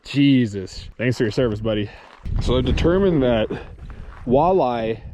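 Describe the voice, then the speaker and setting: A man vlogging his solo fishing trip outdoors, talking excitedly to the camera and the fish he catches, swearing casually as he films himself. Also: medium pitch, unhurried, noisy background. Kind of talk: excited outdoor vlog commentary. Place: outdoors on a reservoir shore.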